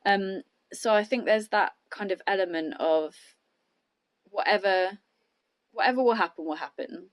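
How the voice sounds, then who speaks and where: A woman's voice: mid-range voice, normal speed. Rambling, reflective woman podcaster. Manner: reflective, rambling, many "like"s and restarts. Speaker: podcast host. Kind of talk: casual chat.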